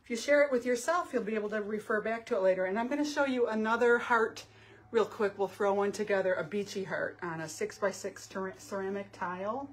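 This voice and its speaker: A woman's voice: medium pitch, brisk. A middle-aged woman hosting a live art demo from her home studio, chatting casually, greeting viewers by name and laughing often.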